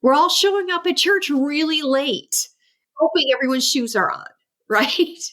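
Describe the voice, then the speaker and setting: Lively woman guest with a higher voice. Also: measured pace. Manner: lively, laughs often, acts out quoted voices. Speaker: guest expert, ADHD coach. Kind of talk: animated interview talk.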